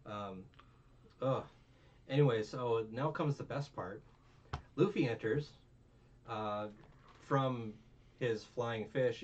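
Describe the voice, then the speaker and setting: A man hosting an anime review, recapping the plot in a rambling, profane, animated way. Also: mid-range voice, takes it slowly, pauses often. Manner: rambling, profane, animated with put-on character voices. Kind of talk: casual recap chat. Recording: distant lo-fi mic with faint room noise.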